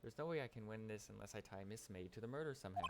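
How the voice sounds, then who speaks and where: A woman reading the part of an earnest young male defense lawyer in a game, pressing his questions deliberately, with loud game music behind. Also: extremely low pitch, lively intonation, heavy background noise. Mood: determined.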